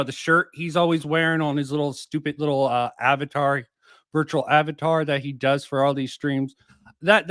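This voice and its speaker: A man hosting a livestream with a somewhat high voice, talking loosely and profanely with lots of "uh"s and restarts. The sound is dry and close, with no room around it. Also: fairly bright tone, no echo. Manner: rambling, profane, frequent fillers and restarts. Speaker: streamer and commentator. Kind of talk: casual livestream commentary.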